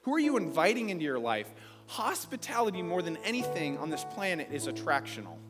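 Pastor, male, higher register, chatty sermon with loud emphatic peaks; reverberant church hall. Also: big pitch swings, a little fast, over music. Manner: conversational preaching, rising emphatic peaks. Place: church sanctuary.

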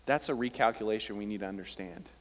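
A man's voice: lowish voice, quick pace. A man preaching a sermon as pastor, with rising emphasis on key words, in a church hall.

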